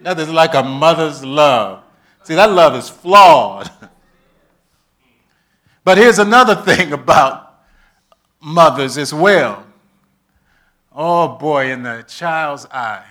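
A man preaching a sermon, with funny asides that drop to a soft voice and swing back to loud, lively preaching. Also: fairly high pitch, slow, long pauses. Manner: animated, humorous preaching with sudden soft asides. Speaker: pastor.

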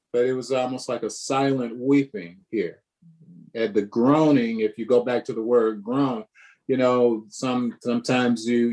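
A man's voice: medium pitch, a little mellow. A man leading a Bible study group, teaching and preaching with repetitions and questions to the group. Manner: preacherly, repeats himself, asks the group questions.

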